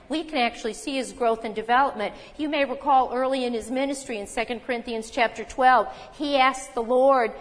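A woman preaching a sermon, talking earnestly and emphatically, often asking the listeners rhetorical questions. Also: fairly high pitch. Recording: long reverb from a hall.

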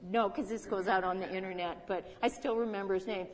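A woman's voice: medium pitch, fairly even intonation, brisk, crowd noise. An older woman in her seventies giving conversational Bible teaching as a teacher, folksy, with chuckling asides and rhetorical questions. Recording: reverberant hall.

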